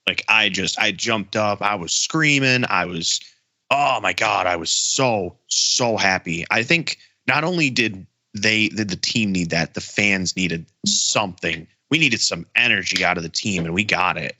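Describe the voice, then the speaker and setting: A man with a lowish voice and a strikingly bright, forceful edge co-hosts a sports podcast. He talks in loose casual chat, getting excited and stammering through restarts. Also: a little slow. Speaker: podcast co-host.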